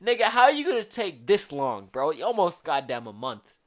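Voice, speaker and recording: A man's voice: on the high side, sing-song, brisk. A man co-hosting a casual podcast, joking around, swearing freely and reading news stories aloud with running commentary. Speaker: podcast co-host. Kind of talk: casual chat.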